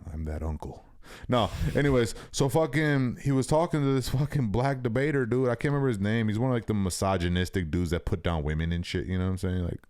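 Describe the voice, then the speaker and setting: A man's voice: medium pitch, steady tone, fast, hardly any pauses, a little mellow, clear, resonant tone. A young man co-hosting a podcast, telling rambling, profane stories in casual chat and saying "bro" constantly. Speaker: podcast co-host.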